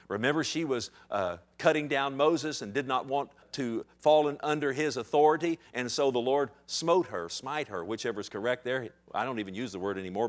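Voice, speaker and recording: A man in his thirties preaching a sermon, conversational and building to emphatic points. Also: mid-range voice. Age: 30s. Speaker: pastor.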